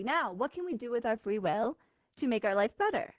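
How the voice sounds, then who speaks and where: A woman delivers a live spiritual talk in a fairly high voice, recorded dry and close. She speaks emphatically and casually, with blunt asides and frequent "okay?" check-ins to her viewers. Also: animated, moderate pace, no room sound. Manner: casual and blunt, swears now and then. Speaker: spiritual coach.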